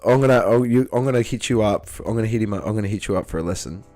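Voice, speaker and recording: A livestream host with a fairly low, warm voice talks at a racing clip. He's running a casual interview chat over beers, enthusiastic and rambling, restarting his sentences again and again.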